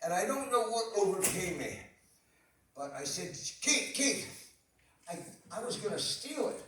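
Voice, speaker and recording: An older man telling a rambling, animated story on stage at a live venue, full of laughing asides. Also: high-pitched, a little slow, a crowd in the background. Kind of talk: live anecdote. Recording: echoey hall, distant mic.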